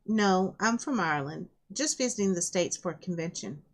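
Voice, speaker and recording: A woman's voice: lowish voice, expressive, normal speed. A woman with a scratchy throat reading the lines of a polite, good-humored bearded Irish-German man who is lost.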